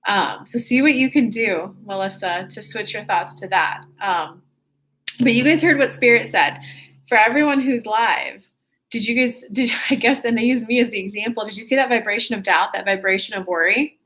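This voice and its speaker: Woman, livestream host, upbeat and talkative, a bit high, webcam mic. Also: moderate pace, fairly bright tone, a little hiss or hum. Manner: chatty, upbeat, with laughs and self-corrections. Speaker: spiritual channeler hosting a livestream. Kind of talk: casual livestream talk to viewers.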